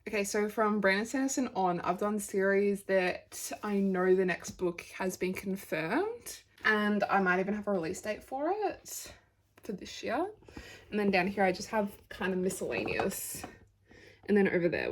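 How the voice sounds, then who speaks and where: A woman's voice: medium pitch, lively intonation, moderate pace, a little hiss or hum. Gushing, chatty young woman. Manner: gushing and chatty, drifts into whispers and laughter. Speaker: book vlogger. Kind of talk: casual reading vlog chat. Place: home, by her bookshelves.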